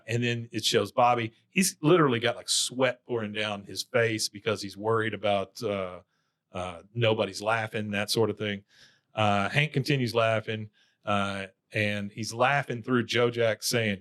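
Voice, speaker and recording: A man's voice: on the low side, steady tone, fairly bright tone. A man co-hosting a podcast, casually retelling a cartoon episode scene by scene and quoting the characters. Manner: retells scenes with quick quoted impressions, laughs along. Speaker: podcast co-host. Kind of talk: casual chat recapping an episode.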